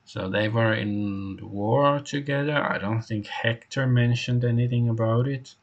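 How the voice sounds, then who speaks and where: A man's voice: medium pitch, fairly even intonation, unhurried, few pauses. A man streaming a point-and-click game, musing aloud in a hesitant, casual way. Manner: musing, hesitant, many fillers. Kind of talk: casual gameplay commentary.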